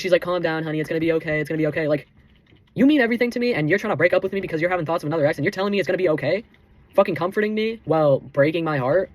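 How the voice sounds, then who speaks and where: A teenage boy telling a heated storytime rant, swearing constantly and calling the listener bro and dude. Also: on the high side. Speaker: vlogger.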